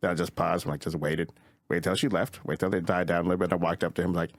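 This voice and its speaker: A man's voice: low voice, flat delivery, fast, no echo, clean studio sound. A man guesting as a comedian on a podcast, telling rambling stories full of fillers and swearing. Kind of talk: casual podcast storytelling.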